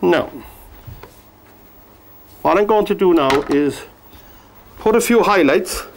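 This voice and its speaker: A man teaching a painting demonstration, gently coaxing the brushstrokes as if talking to the paint. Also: sits high, lively intonation, slow pace, vocal fry, a little hiss or hum. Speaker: painting instructor.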